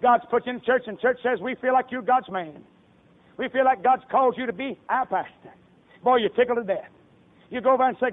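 High-voiced preacher, tinny radio sound. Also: male voice, brisk. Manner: folksy, acts out voices. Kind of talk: sermon. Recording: tinny phone-like radio broadcast.

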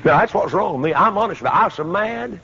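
A man, preaching a folksy storytelling sermon that breaks into shouts. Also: sits high, animated, fast, creaky, slightly rough. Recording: dull lo-fi old recording.

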